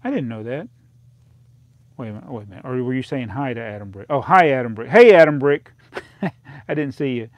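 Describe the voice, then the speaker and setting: A man's voice: mid-range voice, animated, fairly quick, pauses often, dry recording. A man hosting a casual live stream, rambling through his old sales, reading out prices, often laughing at himself. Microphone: close desk microphone.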